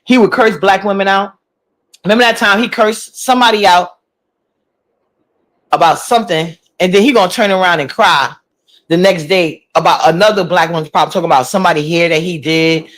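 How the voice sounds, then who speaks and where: A woman's voice: on the low side, normal speed. A woman, chatting casually on a livestream, reading and answering comments. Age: 40s. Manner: gossipy, incredulous, talks back to chat. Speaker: livestream host.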